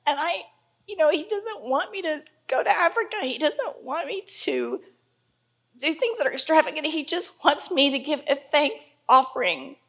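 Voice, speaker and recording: A woman from the congregation, crying as she gives a halting church testimony. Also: high-pitched, very animated, a bit bright. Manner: halting, emotional. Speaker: congregation member giving testimony.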